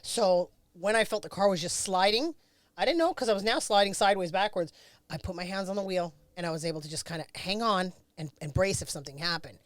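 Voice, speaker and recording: A woman's voice: on the low side, fast talker, dry recording. A middle-aged woman, a former race car driver, bluntly recounting a crash in a candid interview, swearing freely.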